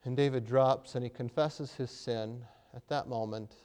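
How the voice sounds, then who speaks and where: Preacher man with a smooth voice. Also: medium pitch, steady tone, normal speed. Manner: dramatic retelling with sudden loud emphatic peaks; hesitant restarts and fillers. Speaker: pastor. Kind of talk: sermon.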